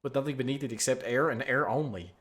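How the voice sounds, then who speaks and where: A man's voice: mid-range voice, quick pace, a bit bright. A young man streaming a text adventure, reading the story aloud and rambling through his own commentary, swearing and filling with "like". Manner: rambling, filler-heavy, swears and laughs often. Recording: faint background music.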